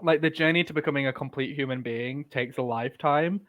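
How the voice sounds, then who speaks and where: A man's voice: medium pitch, fairly quick, a bit bright. A man in his early twenties co-hosting a podcast, candid and opinionated, talking in long rambling runs. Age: 20s. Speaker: podcast co-host. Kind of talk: casual chat.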